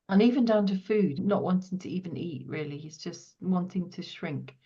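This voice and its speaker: Low-voiced woman giving an intuitive reading. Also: normal speed, few pauses, slightly rough, muffled recording. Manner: soft, earnest, drops to a hush when relaying visions. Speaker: podcast host and property healer.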